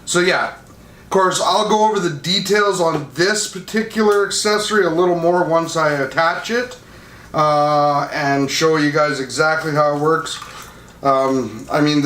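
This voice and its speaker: A man's voice: fairly high pitch, a bit bright. A man hosting a casual chat about drone accessories, rambling with fillers and restarts. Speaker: channel host reviewing drone gear. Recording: echoey room with faint noise.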